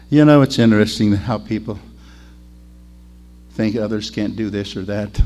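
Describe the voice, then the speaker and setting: A man preaching a sermon, telling the story in an animated way that swings between loud and quiet. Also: lowish voice, normal speed, pauses often.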